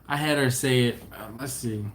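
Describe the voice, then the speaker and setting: A man's voice: mid-range voice, normal speed, a little hiss or hum. A middle-aged man hosting a barbecue channel, chatting casually on a live stream and reading out viewer comments in a laid-back, slangy way.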